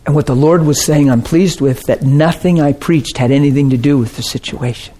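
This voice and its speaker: A man preaching a personal testimony, telling the story with strong feeling and swinging between soft and loud delivery. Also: on the high side, brisk, slight background noise. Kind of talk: sermon testimony.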